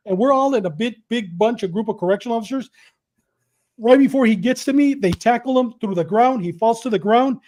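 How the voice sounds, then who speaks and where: Man, middle-aged, high voice, animated storyteller, acts out quotes. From Southern California. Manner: quick, repetitive retelling with acted quotes. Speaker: podcast guest telling his story.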